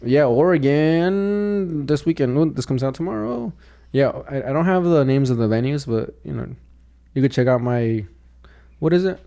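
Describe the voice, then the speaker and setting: A man's voice: fairly high pitch, lively intonation, normal speed, vocal fry, dark tone. A young man co-hosting a podcast, telling a story in a rambling, casual way, with many restarts and "dude". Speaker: podcast co-host, comedian. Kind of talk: casual chat.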